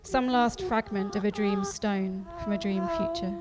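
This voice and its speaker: A woman's voice: mid-range voice, lively intonation, measured pace, heavy background noise. A woman performing her spoken-word poetry live on a festival stage, rhythmic and repeating phrases. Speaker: poet performing her work. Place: festival stage before an audience.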